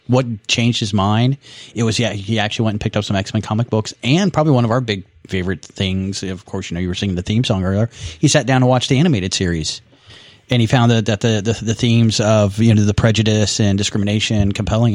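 A man with a fairly low voice chats casually while watching a movie, dropping trivia between stumbles and restarts. The sound is dry and close, with no room around it. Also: steady tone, a little fast, a little mellow, no room sound. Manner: trivia-sharing, hesitant restarts. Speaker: co-host.

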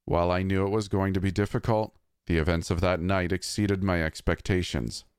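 Man, very low voice, somber horror narration, dry close mic. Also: fairly even intonation, clear, resonant tone, no echo. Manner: measured, somber. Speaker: storyteller.

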